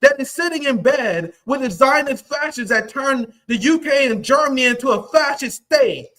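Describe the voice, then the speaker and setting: A man's voice: very high voice, lively intonation, moderate pace, sharp tone. A man hosting a livestream, delivering angry, profane commentary in a heated rant. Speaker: livestream host.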